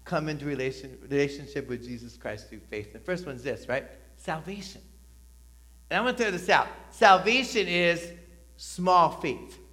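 A man's voice: mid-range voice, lively intonation, fairly quick, a bit bright. A middle-aged man preaching a sermon to a church congregation, talking conversationally with emphatic rises and frequent "right?" asides. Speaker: pastor. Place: church sanctuary.

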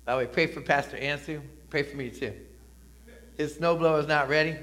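This pastor's sermon moves fairly quickly with fairly even intonation, yet he still shifts from loud, forceful lines to hushed, low asides. He keeps calling for the congregation's response.

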